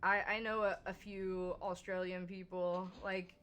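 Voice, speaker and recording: A woman's voice: fairly low pitch, level tone, a little slow, crowd noise. Casual woman streamer, laughing as she tells stories. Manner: laughing storyteller, swears freely. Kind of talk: casual chat while gaming.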